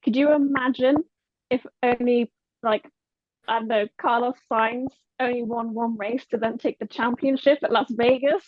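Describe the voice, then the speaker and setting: A woman's voice: fairly high pitch, steady tone, normal speed, dry recording, dull audio. A woman co-hosting a podcast, chatty and drifting into asides. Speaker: podcast co-host. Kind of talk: casual chat.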